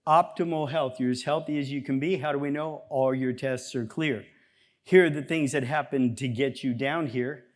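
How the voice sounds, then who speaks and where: A man speaking as a chiropractor at a seminar, talking to a live audience in an energetic, conversational way and acting out bits of dialogue. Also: medium pitch, moderate pace. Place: seminar room before an audience.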